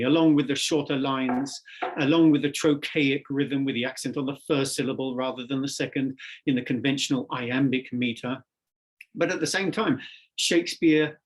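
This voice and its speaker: A man teaching English literature in a measured, explanatory lecture, stressing key words as he goes. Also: mid-range voice, slight background noise.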